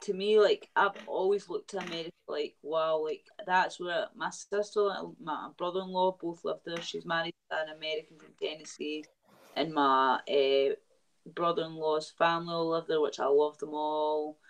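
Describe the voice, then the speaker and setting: A woman with a Glaswegian accent, a guest in a casual chat, blunt and animated and swearing freely. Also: low-pitched, moderate pace, slight background noise, low-quality recording. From Scotland.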